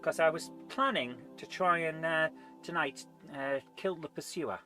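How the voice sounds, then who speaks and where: A man streams a game and chats loosely as he goes, reading out viewer comments and eating between lines. His voice is bright and sits a little high. Soft music plays faintly behind him. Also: unhurried. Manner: rambling, reads chat aloud, eats while talking. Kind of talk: casual live-stream chat.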